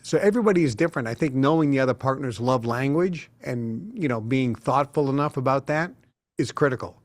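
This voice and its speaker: A middle-aged man as an interview guest, telling lively anecdotes and acting out the people he quotes. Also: medium pitch, brisk. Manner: animated storyteller who acts out quotes. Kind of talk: casual interview talk.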